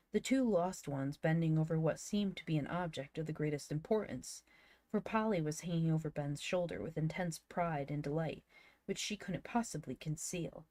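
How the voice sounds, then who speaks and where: A woman narrates a classic storybook in a low, steady voice, sometimes stumbling over a word. She is recorded close up on a dry, deadened mic. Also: no room sound. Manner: reads aloud with occasional slips. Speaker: audiobook reader.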